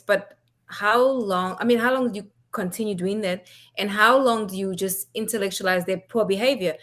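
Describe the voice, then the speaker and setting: Blunt woman venting on a podcast. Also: medium pitch. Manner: blunt and heated, swears freely. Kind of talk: casual podcast discussion.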